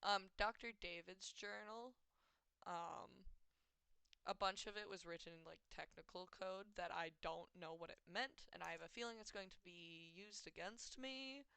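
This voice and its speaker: A woman's voice: on the low side, normal speed, gravelly, pushed and bright, clear, resonant tone, no room sound. A woman streaming a story game, chatting casually and giggling between lines. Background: game music.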